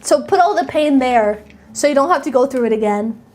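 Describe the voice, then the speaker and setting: A woman with a high, light voice chats playfully with her live audience. She rambles in a bubbly way, thanks viewers by name and hypes them up. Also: lively intonation, brisk, darkish tone, soft background music. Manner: bubbly, playful, reads and thanks chat, sometimes squeals. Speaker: streamer. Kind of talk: casual live-stream chat.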